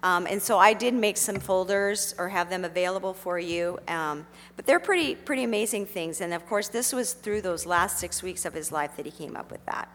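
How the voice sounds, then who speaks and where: Middle-aged woman, earnest storyteller, gentle delivery, big reverberant hall. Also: on the low side, normal speed, hardly any pauses, a little hiss or hum. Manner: gentle, earnest, with frequent fillers. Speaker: speaker sharing a personal story. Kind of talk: heartfelt storytelling talk.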